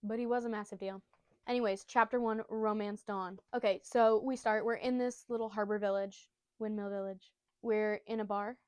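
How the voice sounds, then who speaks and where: A woman's voice: medium pitch, clear, resonant tone, no room sound. A woman casually retelling a comic chapter, bubbly and rambling, full of jokey asides. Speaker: storyteller recapping a manga.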